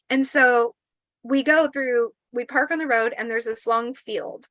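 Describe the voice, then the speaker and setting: A woman in her forties telling a spooky personal story in a casual, animated way, swearing and acting out the quotes. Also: on the high side, measured pace, dry recording, low-quality recording.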